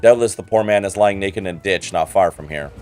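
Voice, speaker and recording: A man's voice: deep voice, a little fast, a little mellow, soft background music, natural voice. A man reading aloud as a haughty, condescending male investigator from a game, in a formal, cool and superior manner.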